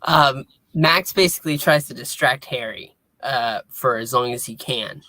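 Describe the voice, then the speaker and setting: Co-host walking through the episode plot, mid pitch, dead dry sound, no room at all. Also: a little slow, bright, forceful tone, no echo. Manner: plain storytelling with little hesitations and quoted lines. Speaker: podcast co-host. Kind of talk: casual episode recap chat.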